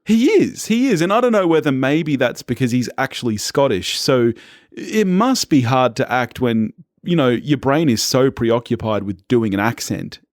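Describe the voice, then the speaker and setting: Australian man, podcast co-host, lively up-and-down voice, dry close sound, laughs a lot, casual film chat. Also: mid-range voice, normal speed, no echo. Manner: chatty, laughs often, animated.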